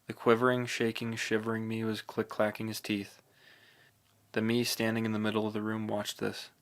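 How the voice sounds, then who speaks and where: A man reads a novel aloud in the first person, steady and brooding. His voice sits low with a gravelly edge, and the pitch barely moves. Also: normal speed. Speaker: audiobook narrator.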